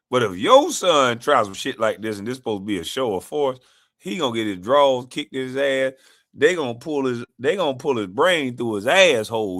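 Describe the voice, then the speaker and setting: A man's voice: mid-range voice, big pitch swings, normal speed, a bit bright, no echo, studio quality. A man hosting a live stream, giving loose, laughing, ranting commentary.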